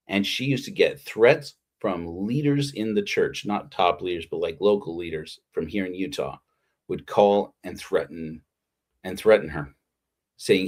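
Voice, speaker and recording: Male pastor, lower voice, informal livestreamed sermon, meandering and sincere. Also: measured pace. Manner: rambling, heartfelt, with frequent restarts. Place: Utah.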